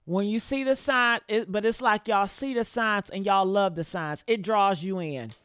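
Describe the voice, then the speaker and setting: A woman's voice: mid-range voice, normal speed, a bit bright, smooth, dry recording, studio quality. A woman doing reaction commentary on a livestream, blunt and profane, repeating her points and talking straight to her viewers. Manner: talks straight to her chat, asks for likes.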